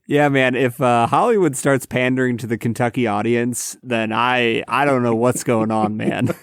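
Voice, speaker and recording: A man's voice: mid-range voice, steady tone, normal speed, no room sound, studio quality. A young adult man co-hosting a podcast in a laid-back, reflective way, calling his friend man and dude. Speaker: podcast co-host. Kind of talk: casual chat.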